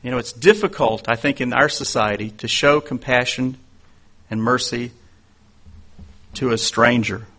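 Bright-voiced man preaching earnestly. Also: mid-range voice, unhurried, long pauses. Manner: earnest, conversational preaching with personal anecdotes. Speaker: pastor. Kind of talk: sermon.

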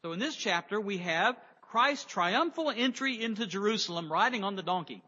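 A man preaching a sermon, emphatic, rising loud on key words and dropping low on others. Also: animated, normal speed. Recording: dull lo-fi sound with long reverb.

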